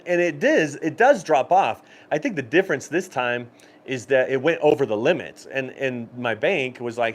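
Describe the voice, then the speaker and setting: Man, mid-pitch, easygoing live-stream host, rambles and laughs through stories. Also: normal speed. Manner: rambling storyteller, frequent laughs and restarts. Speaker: cruise channel host. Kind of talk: casual live-stream chat.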